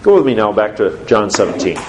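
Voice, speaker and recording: Lively preacher in an echoey church. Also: male voice, fairly low pitch, a little fast, background noise. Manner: quizzes the congregation with questions. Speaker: pastor. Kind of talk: sermon. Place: church sanctuary. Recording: roomy church echo.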